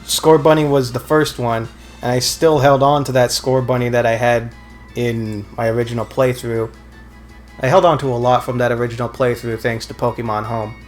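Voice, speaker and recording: Man, casual gameplay commentary, rambling, self-correcting, dry humor, soft music behind. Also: mid-range voice, level tone, moderate pace. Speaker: let's play co-host.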